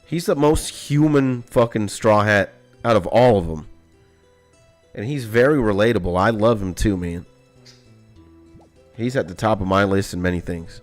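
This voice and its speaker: A young man chatting casually on a gaming stream, excited and swearing a lot, full of slang, while music plays behind. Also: fairly low pitch, normal speed, pauses often.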